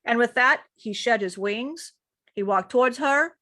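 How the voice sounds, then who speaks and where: A woman's voice: a little high, a little slow, sharp tone, no room sound. Earnest woman telling a spiritual tale. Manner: earnest, rambling retelling with frequent "he said". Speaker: spiritual teacher and channeler. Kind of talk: channeled spiritual storytelling.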